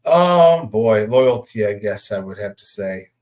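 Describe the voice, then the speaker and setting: A man's voice: lowish voice, lively intonation, a little slow, a little mellow. A man in his forties, a guest on a podcast, talking casually and easygoing with frequent laughs and hesitant fillers. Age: 40s. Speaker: guest, comic creator. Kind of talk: casual interview chat.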